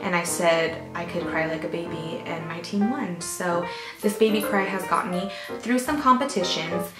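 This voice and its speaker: A woman's voice: lowish voice, moderate pace, echoey room, loud music behind the voice, poor audio. A young woman with a Californian accent chatting bubbly and casually to camera as a vlogger. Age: young adult.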